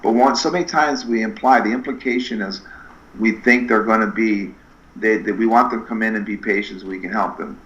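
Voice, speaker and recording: Animated middle-aged man, bright and echoey. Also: fairly low pitch, fairly quick. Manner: animated, acts out quoted dialogue with shifting voices. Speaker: podcast guest, spinal screener. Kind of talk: energetic storytelling interview. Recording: echoey room, slightly dull sound.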